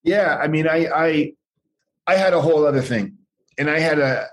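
A middle-aged former pro wrestler, guesting on a casual interview, speaks at a moderate pace in a slightly high voice. His stories ramble and are full of profanity, and he acts out the voices of the people he quotes.

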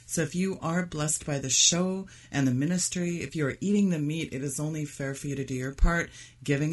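Woman radio host signing off. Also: low-pitched. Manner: steady, announcer-like, direct to listeners. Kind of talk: radio sign-off and sponsor appeal.

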